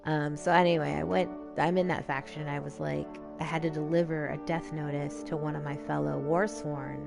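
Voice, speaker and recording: A woman's voice: low-pitched, steady tone, moderate pace, gravelly, loud music behind the voice. A woman streamer chatting casually as she plays a video game, swearing freely and acting out what characters said. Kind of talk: casual gameplay commentary.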